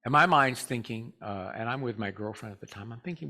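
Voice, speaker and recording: Easygoing man telling a rambling story. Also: medium pitch. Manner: relaxed, rambling, with frequent "uh" pauses; talks directly to the congregation. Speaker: guest speaker at a spiritual community. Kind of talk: casual storytelling Sunday talk.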